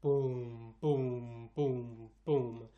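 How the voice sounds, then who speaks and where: A man's voice: medium pitch, fairly even intonation, extremely slow, phone-quality sound. Man narrating as game master.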